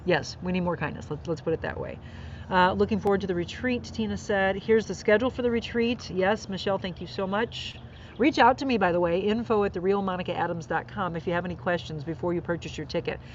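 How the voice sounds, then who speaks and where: A woman's voice: fairly low pitch, quick pace, lo-fi sound, slight background noise. A middle-aged woman hosting a podcast, telling a heartfelt personal story in an earnest, emotional way and laughing through tears. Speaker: podcast host.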